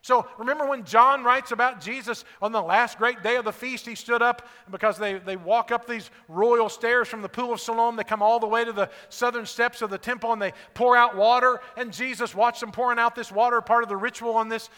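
High-voiced fervent preacher in a reverberant church. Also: male voice, fairly even intonation, fairly quick, hardly any pauses. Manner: fervent preaching, swinging from hushed to near-shouting. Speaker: pastor. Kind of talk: sermon. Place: church sanctuary. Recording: long reverb of a church hall.

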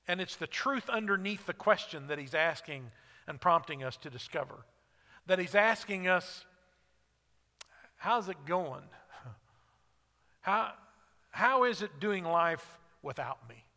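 Male pastor, conversational sermon delivery, high ringing voice. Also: sharp tone, in a large hall. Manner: earnest, conversational preaching with rhetorical questions.

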